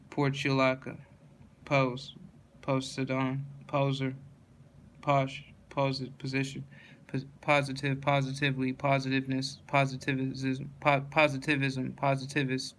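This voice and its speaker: A man reads out a long list of dictionary words in a completely level, unvaried voice. His pitch sits in a middling range, and he sometimes trips over a word and restarts it. A faint noise hangs under the recording. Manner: flat, monotone listing with self-corrections.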